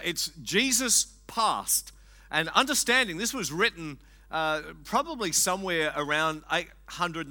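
A man preaching a sermon in a conversational, gently humorous way with frequent fillers. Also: on the high side. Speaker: pastor.

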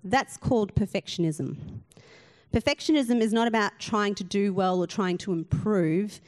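Aussie lady pastor preaching, earnest and emphatic, mid-pitched voice. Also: moderate pace. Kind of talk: sermon.

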